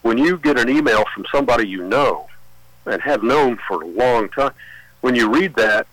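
A man's voice: mid-range voice, lively intonation, normal speed, fairly bright tone, no room sound, rough recording. Opinionated male radio caller. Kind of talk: call-in radio chat.

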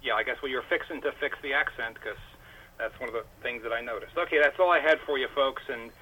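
A wordy male caller phones in to a radio show and chats with the hosts in a dry, teasing way. His voice is very bright and sharp. The phone line carries a faint hiss. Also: mid-range voice, quick pace. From New York. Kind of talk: radio call-in chat.

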